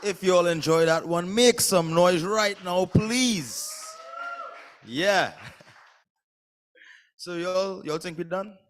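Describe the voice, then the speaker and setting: A man's voice: high-pitched, takes it slowly, long pauses, slight background noise. A man hosting a poetry slam and hyping up the audience energetically. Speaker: event host.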